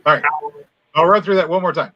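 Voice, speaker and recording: A man's voice: on the high side, steady tone, fast talker, sharp tone, no room sound. Dry-joking man on a dull mic. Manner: dry joking, explains step by step. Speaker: homesteader on a live chat. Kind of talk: casual chat.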